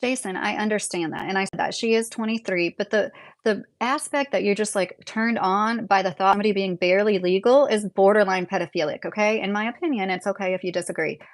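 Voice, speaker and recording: A woman's voice: mid-range voice, quick pace. A woman in her late thirties hosting a live stream, talking casually and bluntly as she answers her chat. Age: 30s. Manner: opinionated, blunt, talks straight to commenters. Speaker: livestream host reading chat.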